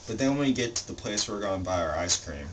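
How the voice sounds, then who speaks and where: Low-voiced man in a casual vlog. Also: lively intonation, fast talker. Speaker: mission trip member recounting the day. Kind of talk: casual storytelling vlog recap. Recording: distant camera mic with background noise.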